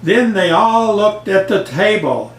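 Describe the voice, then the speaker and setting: An older man reading a bedtime story to his grandchild, slow and gentle. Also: high voice, expressive. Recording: echoey room, voice off-mic.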